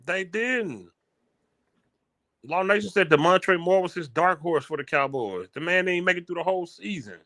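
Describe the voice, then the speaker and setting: A man's voice: sits high, animated, normal speed, sharp tone. A man co-hosting a podcast in casual chat, blunt and slangy, dismissive of rival channels. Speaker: podcast co-host.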